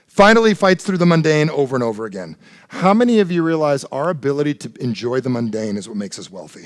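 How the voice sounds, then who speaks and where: A man giving a live motivational seminar talk, animated and blunt, swearing freely and keeps asking the audience questions. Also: high voice, dry recording, clean studio sound. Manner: animated, blunt and profane, keeps quizzing the crowd. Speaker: motivational speaker.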